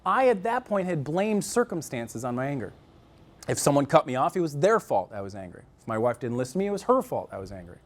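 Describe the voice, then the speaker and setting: A male counselor giving a live marriage seminar, talking in an animated, conversational way and often acting out what people say. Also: medium pitch, fast. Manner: animated, conversational, playfully acts out quotes.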